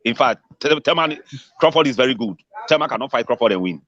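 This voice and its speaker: A man's voice: medium pitch, expressive, quick pace, fairly bright tone. Blunt, dismissive male panelist. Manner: blunt, dismissive, rhetorical questions. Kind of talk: opinionated panel discussion. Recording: dry dull lo-fi sound.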